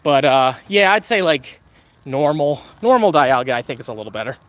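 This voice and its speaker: A man's voice: a little high, sing-song, moderate pace, fairly bright tone, no room sound. A man live-streaming a mobile game outdoors, chatting casually with viewers, joking and thanking donors.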